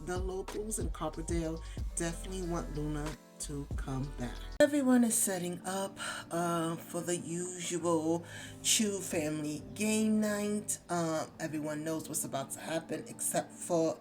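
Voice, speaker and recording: A woman's voice: lowish voice, measured pace. A woman hosting a game video, narrating the action to viewers in a gushy, dramatic, casual way, with game music behind. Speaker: let's play host.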